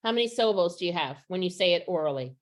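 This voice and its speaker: A woman's voice: on the low side, animated, very fast. Woman teaching teachers on a video call. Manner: explaining step by step, asks questions. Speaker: literacy trainer. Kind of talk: online teacher training.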